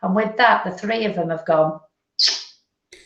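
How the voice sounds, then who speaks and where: A woman medium giving a gentle, unhurried psychic reading, relaying messages. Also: mid-range voice. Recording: lo-fi echoey stream audio.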